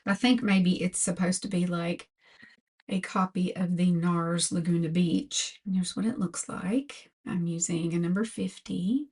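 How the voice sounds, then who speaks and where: A woman's voice: on the low side, fairly even intonation, darkish tone. An older woman giving a chatty makeup tutorial as a beauty vlogger, talking through products one by one. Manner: slow, chatty product talk.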